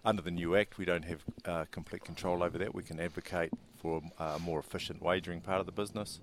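A man, a racing industry chief executive giving measured, businesslike interview answers. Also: deep voice, fairly even intonation, a little hiss or hum.

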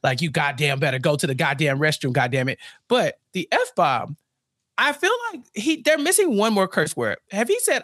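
A man's voice: a little high, very animated, moderate pace, pushed and bright, no echo, clean studio sound. A man co-hosting a podcast, chatting casually and laughing as he acts out quotes in character voices. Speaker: podcast co-host. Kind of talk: casual recap chat.

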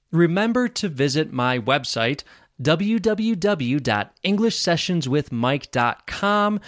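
A man hosting a podcast as an English teacher, speaking slowly and clearly for learners. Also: no echo, clean studio sound. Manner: careful, over-articulated teacher's delivery with lively pitch.

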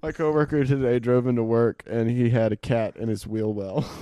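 A man's voice: mid-range voice, steady tone, moderate pace, dark tone, clean tone, no room sound. Laughing young man telling crude stories. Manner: laughs often, profane storytelling. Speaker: podcast co-host. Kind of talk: casual crude chat.

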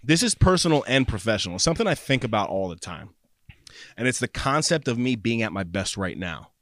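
A lively, expressive podcast co-host. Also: male voice, mid-range voice, fairly quick, no room sound, clean studio sound. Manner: lively, laughs easily, reflective. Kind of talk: casual chat.

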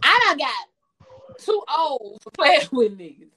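A high-voiced woman in her forties runs a casual podcast chat. She talks bluntly and with lots of profanity, her pitch leaping up and down as she laughs her way through. A faint hiss sits behind her. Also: big pitch swings, measured pace, sharp tone, low-quality recording. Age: 40s. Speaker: podcast host.

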